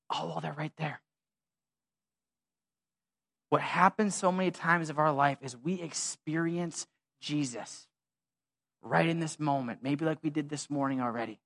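A pastor preaching a sermon in a conversational, animated way, full of slang and asides. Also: male voice, a little high, unhurried, gravelly, pauses often. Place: church.

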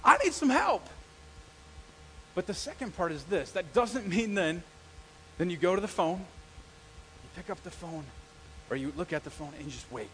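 A middle-aged male pastor preaching a sermon, telling stories and acting out the quotes with lively energy. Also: fairly high pitch, normal speed, long pauses, slight background noise, low-quality recording. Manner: animated storytelling with acted-out quotes.

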